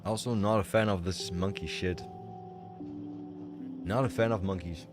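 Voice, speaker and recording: A man's voice: sits low, a little slow. A man streaming a game, chatting casually and rambling with strong opinions. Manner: rambling, opinionated, restarts often. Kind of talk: casual livestream chat while playing. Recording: music playing loudly behind.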